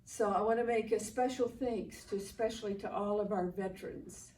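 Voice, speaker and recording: A woman's voice: mid-range voice, steady tone, normal speed, a little mellow. An older woman, the daughter of the man being honored, giving an earnest speech at a public ceremony and telling stories with quoted dialogue. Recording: roomy, distant mic with faint background noise.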